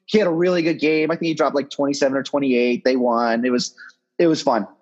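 A man's voice: medium pitch, fairly even intonation, fast, darkish tone, highs cut off. A man in his thirties, a sports agent, telling stories in a casual, rambling way with some swearing, as a podcast guest. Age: 30s. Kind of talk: podcast interview storytelling.

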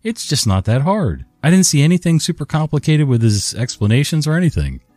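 A man's voice: on the high side, big pitch swings, a little fast, a little mellow, no echo, faint music behind. A man who works a help desk, telling stories casually with exasperated, sarcastic asides. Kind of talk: casual storytelling.

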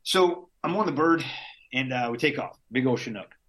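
An army veteran speaks as a guest in an unhurried, easygoing way. He is a man with a mid-range voice, telling his story casually, full of slang and the odd curse. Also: medium pitch, fairly bright tone. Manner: laid-back, slangy, drops in curses and chuckles.

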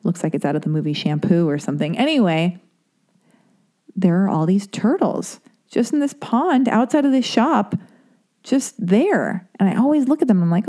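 A woman's voice: mid-range voice, animated, normal speed, warm tone. A woman hosting a podcast, telling a long casual story in a chatty, profane way full of asides and tangents. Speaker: podcast host.

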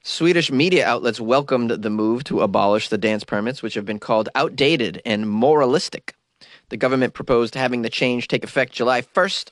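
A man's voice: mid-range voice, a bit bright, no room sound, studio quality. A man with a cold reading news items aloud and mocking them in wry comic commentary. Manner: wry, mocking asides between read-outs. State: has a cold. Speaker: host.

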